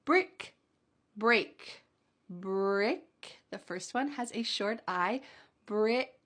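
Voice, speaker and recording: Slow, carefully enunciating woman teacher. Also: fairly high pitch, fairly bright tone. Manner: slow, clearly enunciated demonstrations with light laughs. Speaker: English pronunciation teacher. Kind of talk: pronunciation lesson.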